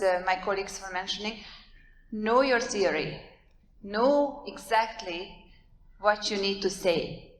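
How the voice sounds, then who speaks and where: A woman with a strong foreign accent giving an animated, plain-spoken conference talk, urging her listeners on. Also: mid-range voice, a little hiss or hum. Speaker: workshop speaker. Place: lecture hall. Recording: echoey hall, amplified.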